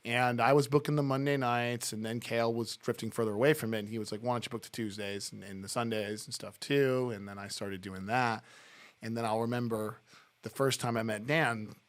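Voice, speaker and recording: A middle-aged man talks as a podcast guest, his pitch sitting right in the middle. He tells long, loose anecdotes, often restarting his sentences and breaking into laughs as he goes. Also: steady tone, a little fast. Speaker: podcast guest, music talent buyer. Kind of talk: casual interview storytelling.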